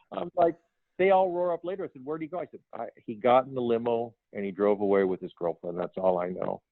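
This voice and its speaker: An older man, a film production designer, telling lively anecdotes in an interview and acting out the dialogue he quotes. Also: mid-range voice, a little fast, vocal fry, dry recording. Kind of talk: storytelling interview. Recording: tinny phone line, dry.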